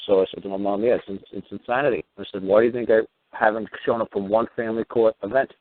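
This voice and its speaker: A man's voice: on the low side, steady tone, fast. A man talking in a rambling phone-in monologue, full of "you know" and restarts. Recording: tinny dry phone line.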